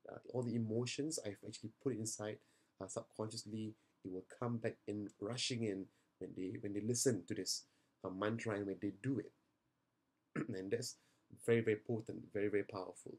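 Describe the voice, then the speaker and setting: A man's voice: lowish voice, fairly even intonation, a little fast, a little mellow, breathy edge. A young man, a seminar trainer, talks earnestly and reassuringly to parents in a video message, with many fillers and restarts, tired after the seminar.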